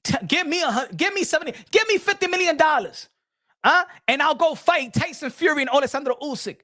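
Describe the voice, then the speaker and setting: A man's voice: very high-pitched, expressive, fairly quick, bright, forceful tone, no echo, studio quality. A man, ranting as a profane, mocking boxing commentator.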